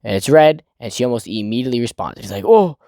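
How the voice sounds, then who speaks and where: A man's voice: medium pitch, very fast, a little mellow, dry recording, studio quality. Man casually recapping a manga chapter. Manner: rambling, profane, laughing often. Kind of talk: casual chat.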